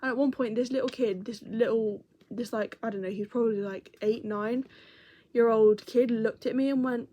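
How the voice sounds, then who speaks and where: A woman's voice: a little high, steady tone, normal speed, dark tone. A young woman chatting casually as a crochet vlogger, rambling and correcting herself as she goes. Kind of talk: casual chat.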